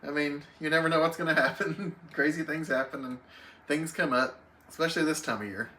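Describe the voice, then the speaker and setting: This livestream host, at home by himself, welcomes each viewer by name as he reads the chat, keeping the conversation friendly and chatty. He speaks briskly in a fairly high, steady voice with a sharp edge. There's a faint hiss or hum in the background.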